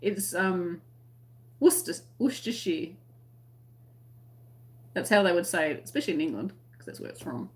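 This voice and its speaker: Her voice is fairly low and animated, and she talks quickly with hardly any pauses. She's an Australian crochet channel host on a live stream, chatting casually, reading viewer comments, and laughing often in a friendly way.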